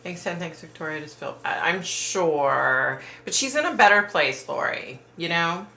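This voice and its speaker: A woman hosts a casual livestream from home, answering her viewers' chat. Her voice sits low but has a bright, forward edge. The sound is roomy and echoey, as if she's in a bare room. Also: lively intonation, measured pace, gravelly. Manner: chatty and sympathetic, trailing off with fillers. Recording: roomy echo.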